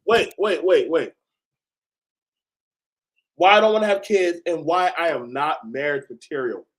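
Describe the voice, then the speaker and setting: A man hosting a reaction video, talking casually and profanely, often bursting into shouts. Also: on the high side, measured pace.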